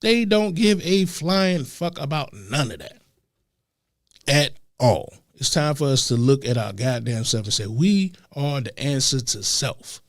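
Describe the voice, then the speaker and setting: A man co-hosting a talk show, ranting with heavy profanity and swinging between loud and soft. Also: medium pitch, lively intonation, unhurried, dry recording, clean studio sound. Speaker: podcast co-host. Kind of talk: heated casual talk.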